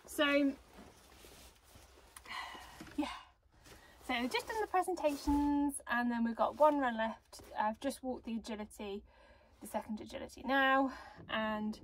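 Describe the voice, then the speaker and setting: A woman's voice: fairly high pitch, noisy background. A young woman vlogging outdoors at a cold dog show on a handheld camera, chatting and talking fondly to her dogs. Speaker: vlogger and dog agility handler. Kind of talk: casual vlog chat.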